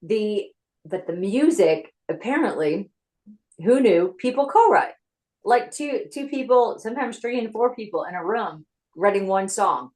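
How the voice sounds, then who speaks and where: A woman screenwriter and former actress telling her story in an interview, talking in a chatty, animated way from her home office over a video call. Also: medium pitch, a little slow, low-quality recording.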